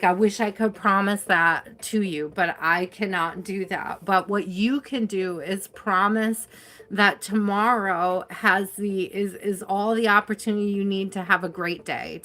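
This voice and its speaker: A woman's voice: medium pitch, fairly even intonation, moderate pace. A woman hosting a live tarot reading, giving a spiritual pep talk to her viewers in a tired, encouraging way. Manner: warm encouraging, spiritual pep talk, reads names from chat; tired, yawning. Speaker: tarot reader.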